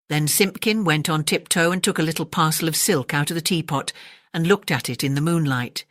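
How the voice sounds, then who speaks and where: Low-voiced woman reading a bedtime story. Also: dry recording, studio quality. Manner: gentle, measured bedtime reading. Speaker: narrator. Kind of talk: scripted storybook narration.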